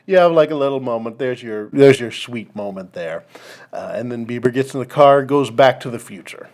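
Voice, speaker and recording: A man co-hosting a comedy podcast, rambling as he pitches a movie plot and acts out its lines. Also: darkish tone. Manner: rambling, acts out lines in quick put-on voices. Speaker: podcast co-host. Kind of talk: casual comedy chat.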